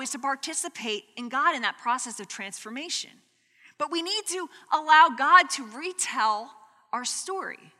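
A woman preaching a sermon, telling family stories in an animated way and acting out what people said. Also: high voice. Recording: long hall reverb.

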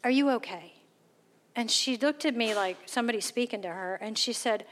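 A woman's voice: a little high, moderate pace. A woman giving a candid, self-deprecating faith testimony, animatedly acting out the voices of people in her stories. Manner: animated, acts out quoted voices. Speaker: speaker sharing faith testimony. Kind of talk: storytelling testimony talk.

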